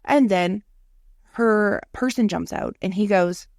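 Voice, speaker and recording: A woman in her thirties tells stories in a loose, chatty podcast conversation, often quoting herself. Her voice has a gravelly edge. The sound is dry and close, with little room in it. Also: medium pitch, takes it slowly, a little mellow, no echo. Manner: chatty storyteller with quoted asides and laughs. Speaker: podcast co-host. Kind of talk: casual chat.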